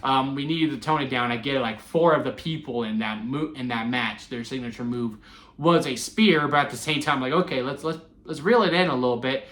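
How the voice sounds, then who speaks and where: A chatty man talks through a wrestling event in a loose, animated way, laughing as he goes. His voice sits at an ordinary middle pitch. The sound is roomy and echoey. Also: fairly quick. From Texas. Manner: chatty and animated, laughs often, restarts and fillers. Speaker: wrestling reviewer. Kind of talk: casual solo review. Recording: echoey room.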